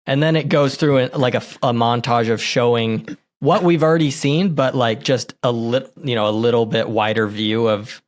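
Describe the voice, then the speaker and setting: A man's voice: medium pitch, normal speed. A man co-hosting a podcast, chatting casually and earnestly retelling movie scenes. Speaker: podcast co-host. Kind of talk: casual movie review chat.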